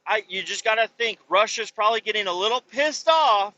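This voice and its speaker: High, bright-voiced man ranting. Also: animated, fairly quick, dull audio. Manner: profanity-heavy, rambling. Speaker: podcast host. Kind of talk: profane political rant.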